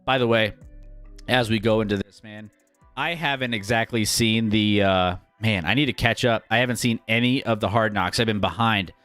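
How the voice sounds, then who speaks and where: A man hosting a casual sports talk show, energetic and rambling as he previews the season. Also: lowish voice, moderate pace, no echo, faint music behind. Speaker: sports podcast host.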